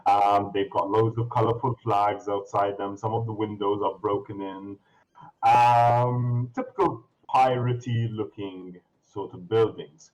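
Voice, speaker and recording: A man's voice: lowish voice, fairly even intonation, unhurried, a little mellow, poor audio. A man running a tabletop game as game master, describing the scene in a loose, rambling way full of ums and restarts.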